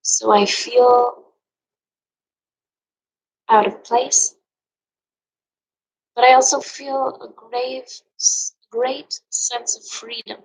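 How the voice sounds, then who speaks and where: Slow, breathy-voiced woman yoga teacher. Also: a little high, fairly even intonation, low-quality recording. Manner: earnest, emotional, drifts into soft near-whispers. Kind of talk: personal motivational monologue.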